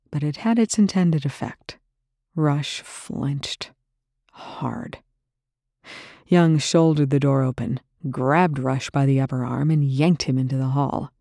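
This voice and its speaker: Gravelly, mellow audiobook narrator. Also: mid-range voice, measured pace, no room sound, studio quality. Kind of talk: scripted narration.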